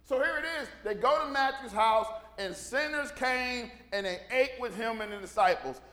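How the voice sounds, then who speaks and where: A man's voice: very high voice, moderate pace, bright, forceful tone. A man preaching a sermon, retelling Bible stories in casual slang and acting out the people in them. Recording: long reverb from a hall.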